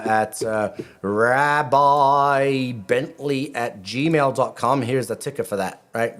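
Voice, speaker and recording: A middle-aged man talks casually on his own channel, a rabbi chatting at a mid pitch. He rambles, restarts his sentences and drifts into friendly asides. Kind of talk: casual video commentary.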